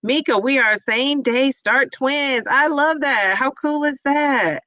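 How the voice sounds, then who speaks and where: This woman has a bright, forceful voice that sits a little high. She hosts a casual livestream and talks in a chatty, rambling way with lots of fillers. She cheers on her viewers effusively, and the sound is close and dry. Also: slow pace, no echo, lo-fi sound. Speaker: livestream host reading viewer chat. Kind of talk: casual live chat.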